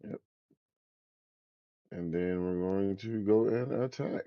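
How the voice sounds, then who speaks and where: Man, tabletop player, deep voice, slow, casual. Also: dry recording, lo-fi sound. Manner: laid-back, counting dice aloud. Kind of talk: casual game chat.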